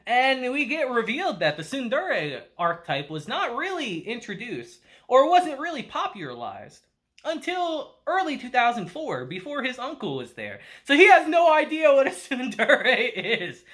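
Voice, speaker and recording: Lively slangy man reviewing anime. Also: very high-pitched, unhurried. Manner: laid-back slangy delivery, laughs often. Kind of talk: casual video review.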